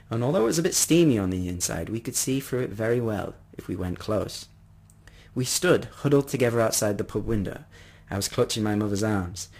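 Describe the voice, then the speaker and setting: Husky expressive male storyteller. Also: lowish voice. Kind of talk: first-person story narration.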